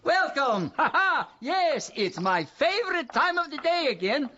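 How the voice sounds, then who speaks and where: A man playing a jolly vampire count who loves counting, with theatrical laughs and drawn-out delivery in a children's TV puppet show. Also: very high voice, sing-song, a little hiss or hum, exaggerated voice. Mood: suspenseful. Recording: dull audio with loud organ music.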